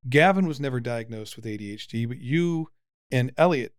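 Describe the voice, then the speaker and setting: A middle-pitched man in his forties talks in a relaxed podcast chat. He is lively and teasing, with plenty of stops and restarts. The sound is dry and close to the mic. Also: moderate pace, clean tone, no echo. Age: 40s. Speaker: podcast host, father. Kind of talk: casual conversational podcast.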